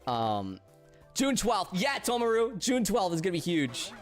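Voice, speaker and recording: A tired man chats casually with his viewers during a game stream. His fairly high voice is flat and subdued, and he stumbles over restarts as he talks. Faint music plays underneath. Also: a little slow. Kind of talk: casual livestream chat with viewers.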